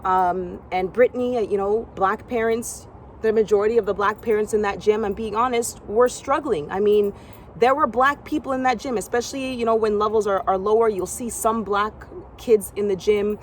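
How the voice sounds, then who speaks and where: A young woman from Canada telling a personal story from her gymnastics past, acting out other people's lines in a higher voice. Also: fairly even intonation, moderate pace, slight background noise.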